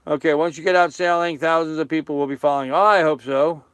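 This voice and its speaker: A man's voice: a little high, steady tone, fast talker, a bit bright, smooth, no echo, clean studio sound. An older man casually chatting with viewers on a live stream from his small sailboat, joking and laughing at his own jokes. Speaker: sailing vlogger on a live stream. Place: small sailboat cabin on a lake.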